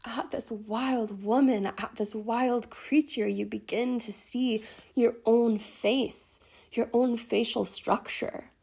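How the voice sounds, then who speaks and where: A woman's voice: fairly high pitch, vocal fry, a little mellow, husky. Intense, profane woman guiding a meditation. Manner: intense, emphatic, with frequent swearing. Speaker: meditation guide. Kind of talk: guided meditation.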